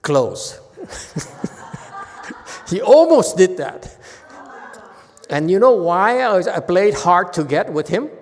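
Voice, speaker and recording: A male Buddhist monk giving a dharma lecture. He tells stories in an animated way, repeats himself and keeps checking "okay?" with the listeners. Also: high voice, takes it slowly, pauses often. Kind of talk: dharma lecture, anecdotal storytelling. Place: temple lecture hall. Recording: reverberant hall.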